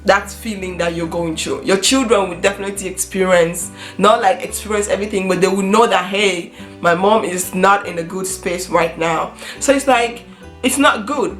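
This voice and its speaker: A woman's voice: medium pitch, moderate pace. Earnest woman vlogger in an echoey room. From Africa. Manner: earnest, repeats and restarts phrases, rises when quoting. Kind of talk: casual personal talk to camera. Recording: roomy echo with faint guitar music.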